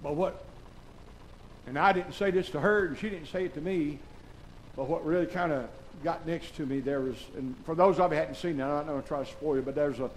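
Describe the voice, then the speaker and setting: A pastor, preaching a sermon. He swings from shouted, fervent preaching to soft, tearful confiding in a church. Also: fairly high pitch, a little fast, a little hiss or hum, low-quality recording. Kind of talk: emotional sermon. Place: church sanctuary.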